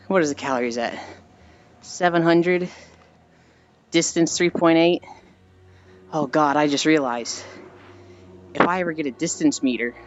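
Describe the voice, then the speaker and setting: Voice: mid-range voice, dull audio. Tired, sighing streamer chatting mid-walk. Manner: chatty storyteller with frequent tired sighs. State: tired and sweaty from walking. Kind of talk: casual rambling chat while walking on stream.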